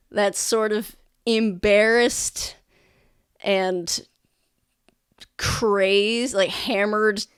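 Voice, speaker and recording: A woman's voice: medium pitch, clean tone, no room sound, studio quality. A woman narrating a tabletop game as game master, loose and full of fillers.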